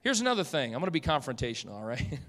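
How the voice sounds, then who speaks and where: A male pastor preaching a sermon in church, swinging from loud, emphatic lines to quiet, conversational asides. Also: mid-range voice, very animated, very fast, long reverb tail. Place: church sanctuary.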